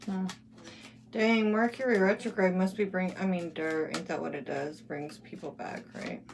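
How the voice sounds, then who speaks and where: A woman's voice: lowish voice, steady tone, normal speed, gravelly. A woman giving a casual tarot reading, musing and thinking aloud as she lays out cards. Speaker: tarot reader. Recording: loud background noise.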